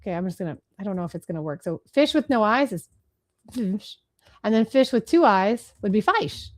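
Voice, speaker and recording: A woman in her thirties hosting a live marketing webinar from her computer, talking fast and rambling, self-deprecating, now and then trying silly voices. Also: medium pitch, big pitch swings. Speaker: webinar host, marketing speaker. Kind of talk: casual live webinar talk. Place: home office, talking to a computer.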